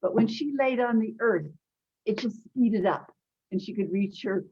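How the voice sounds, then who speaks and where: Older woman, husky, fairly high, earnest, muffled call audio. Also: measured pace, warm tone. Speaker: guest, energy teacher. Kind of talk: video interview.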